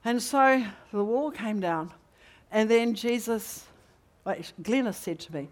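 A middle-aged woman preaching in a church meeting, telling a personal story with lively rhetorical questions to the congregation. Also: on the high side, slow pace. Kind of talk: sermon testimony.

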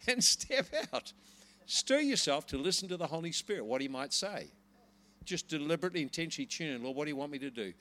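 A man preaching to a congregation, telling a healing story in a lively, animated way. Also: a little high. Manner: animated storytelling, rises to laughing excitement. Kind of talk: sermon with personal story.

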